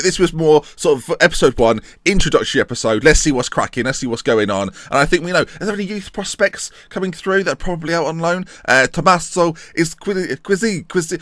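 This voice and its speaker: This gaming YouTuber does a casual let's-play with jokey commentary, reading the game's text aloud and muttering asides. His voice is a little high and somewhat bright, recorded at studio quality with no room sound.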